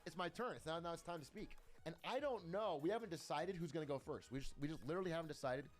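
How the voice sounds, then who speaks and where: A young man streamer telling a personal story in a casual, animated way, swearing often and laughing between lines. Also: fairly high pitch, quick pace, soft background music.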